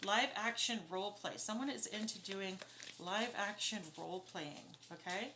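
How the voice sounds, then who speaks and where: A woman doing a casual spiritual card reading to camera at home at night, blunt and quick to get indignant, swearing freely. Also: medium pitch, noisy background. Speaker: tarot and spirit box reader.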